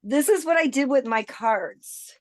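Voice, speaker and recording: A woman's voice: high-pitched, animated, a little slow, dry recording, clean studio sound. A woman chatting casually on a video call from her garden shed, fumbling with her camera. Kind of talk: casual chat.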